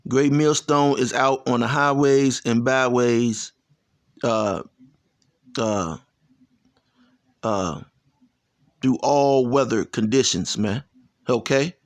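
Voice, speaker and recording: A man's voice: mid-range voice, slow pace, pauses often. A man telling a long, rambling, profane story in casual talk, full of fillers and "you know," laughing as he goes. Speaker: channel host.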